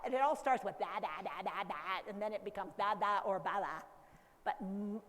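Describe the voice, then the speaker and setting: A woman educator giving a lively conference talk, acting out baby talk and caregiver voices along the way. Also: medium pitch, normal speed, long reverb tail. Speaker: dementia care educator. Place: conference hall.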